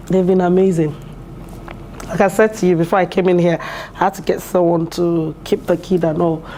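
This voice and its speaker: A woman in her thirties, a PhD student and mother, gives an interview testimonial in a university building. Her lowish, warm voice sounds earnest and heartfelt, full of fillers and restarts, with slight background noise.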